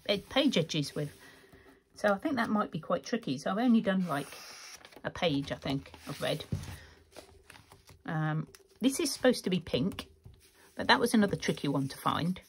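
A woman with a slightly low, husky voice talks her way through a craft project. She rambles in a friendly, chatty way and breaks into laughter often. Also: very animated, normal speed. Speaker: craft vlogger.

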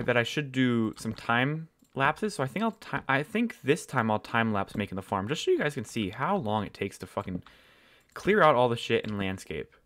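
A man's voice: medium pitch, a bit bright. A man giving casual, rambling commentary while playing a building game, swearing often and losing his train of thought. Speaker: gaming channel host.

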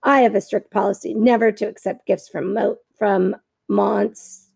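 A woman doing a gruff, stubborn old beaver. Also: mid-range voice, fairly even intonation, unhurried, a little mellow, no echo, studio quality, exaggerated voice. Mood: curt. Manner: grumbling and curt.

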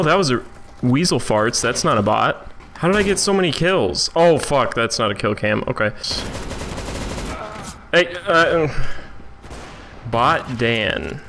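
Brief: male gamer, bright and slow-talking, swears a lot, mocks himself, faint gunfire behind. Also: fairly high pitch, slight background noise. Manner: excitable, swearing, self-mocking. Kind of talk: let's play commentary.

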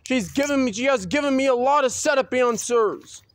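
A man ranting on his own in an agitated, repetitive way, swearing and breaking into loud outbursts. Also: extremely high pitch, moderate pace, smooth, no room sound. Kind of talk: solo rant to camera.

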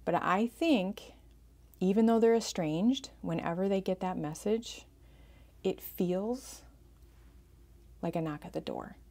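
A woman's voice: mid-range voice, slow, pauses often, dark tone. A woman hosting an advice podcast as a family therapist, talking earnestly and repeating phrases for emphasis.

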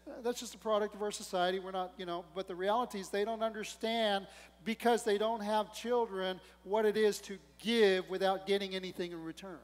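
A man's voice: sits high, steady tone, a little fast. A male pastor preaching a sermon with rising emphasis and playful humor, acting out the voices in the story. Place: church sanctuary. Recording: long church-hall reverb.

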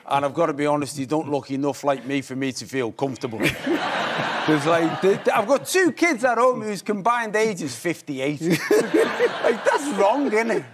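Liverpool comedian spinning a yarn. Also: male voice, on the high side, expressive, normal speed, slight background noise. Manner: rambling comic storytelling, self-interrupting. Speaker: talk show guest, comedian. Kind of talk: anecdote-telling on a chat show.

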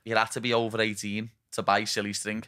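A man's voice: fairly low pitch, monotone, fairly quick, sharp tone, no room sound, clean studio sound. A young man with a Liverpool accent, hosting a casual chat and telling stories, laughing often and tagging his sentences with "lad". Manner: chatty, tags lines with "lad", laughs often. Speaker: podcast host.

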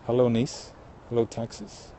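A man's voice: mid-range voice, fairly even intonation, moderate pace, dark tone. A middle-aged man, chatting casually on a live stream and greeting viewers one by one from outdoors on a riverbank, speaking into his phone. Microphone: phone held by the streamer. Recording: wind noise on a phone mic outdoors.

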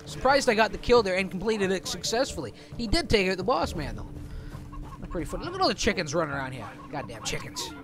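A man's voice: sits high, big pitch swings, fast talker, music in the background. A man commenting on his own gameplay in a chatty, joking way, laughing often. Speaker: let's play host.

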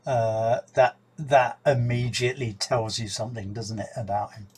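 A man's voice: mid-range voice, steady tone, moderate pace, noisy background. A man hosting a reaction video, talking casually and hesitantly with lots of fillers and dry jokes.

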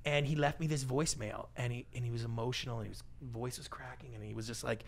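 A man speaking as a guest in a conversational podcast interview, an animated storyteller with a big, energetic personality who acts out what people said. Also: medium pitch, quick pace, creaky, hardly any pauses. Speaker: guest, pitch coach and TV producer.

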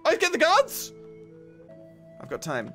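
Gaming host, young man, high-pitched and animated, joking commentary over soft game music. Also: slow. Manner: excitable, joking, talks to the game. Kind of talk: let's play commentary.

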